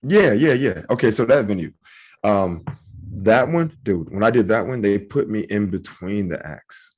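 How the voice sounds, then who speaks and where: A man co-hosting a podcast, a comedian telling animated anecdotes and acting out voices in them. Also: on the low side, moderate pace. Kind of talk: casual storytelling chat.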